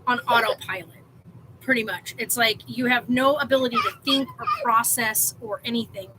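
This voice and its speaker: A woman's voice: fairly high pitch, moderate pace, very noisy. An exhausted woman hosting a casual livestream, talking in a rambling way with many fillers. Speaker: livestream host.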